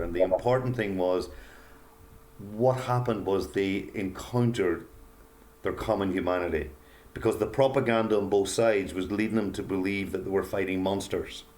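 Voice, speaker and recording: Older man, very deep voice, earnest, halting, reflective interview storytelling. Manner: slow, earnest, halting with pauses and fillers. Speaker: guest author.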